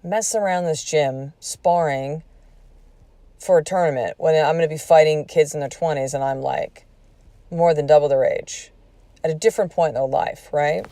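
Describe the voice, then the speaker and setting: A woman's voice: sits low, fairly even intonation, moderate pace, mellow, no echo. A woman in her forties hosting a podcast, telling a personal story in a candid, emphatic way and swearing freely. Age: 40s. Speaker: podcast host.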